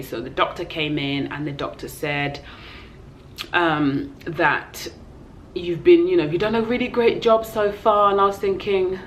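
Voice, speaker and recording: Young London woman, heartfelt and tearful, lowish voice, faint hiss behind. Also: poor audio. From England. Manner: tearful, heartfelt, acts out voices in her story. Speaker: vlogger. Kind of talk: emotional personal storytelling.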